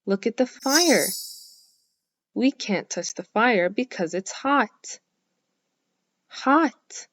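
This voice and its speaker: A woman teaching phonics to young children, speaking slowly and clearly, with lots of encouraging praise and drawn-out vowel sounds. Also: a little high, expressive, fairly bright tone. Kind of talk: slow, clearly enunciated lesson for young children.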